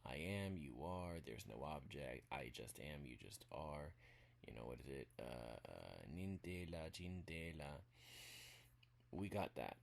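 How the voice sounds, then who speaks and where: A man giving a casual spoken language lesson, walking through examples step by step in a relaxed way. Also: extremely low pitch, a little slow, gravelly. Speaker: language teacher.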